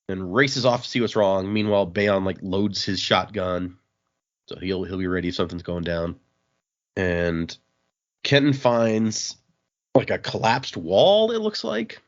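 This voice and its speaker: A man hosting a podcast, recapping a comic in a relaxed, rambling chat full of fillers. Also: fairly low pitch, unhurried. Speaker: podcast host. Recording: dull lo-fi sound.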